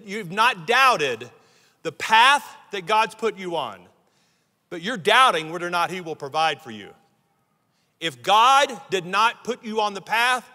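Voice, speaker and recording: A man with a high, ringing voice preaches emphatically, restarting phrases as he builds his point. His sermon carries the long reverb of a large church hall. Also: sharp tone. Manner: emphatic preaching, repeats words when starting sentences. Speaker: pastor.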